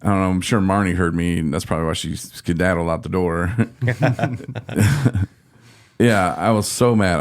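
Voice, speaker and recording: A low-voiced man hosts a casual podcast chat. He tells his story with animated exasperation and acts out his own quotes as he goes. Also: measured pace, long pauses. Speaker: podcast host.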